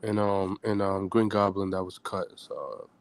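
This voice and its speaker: A man's voice: sits low, flat delivery, a little slow. A man co-hosting a casual livestream, talking enthusiastically with frequent ums and restarts. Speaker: podcast co-host.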